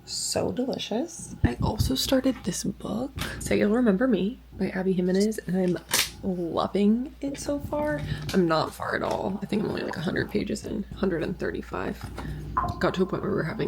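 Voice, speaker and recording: Chatty young woman with a gravelly edge. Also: mid-range voice, moderate pace, a little mellow, a little hiss or hum. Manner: chatty, peppered with "like". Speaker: vlogger. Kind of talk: casual travel vlog chat.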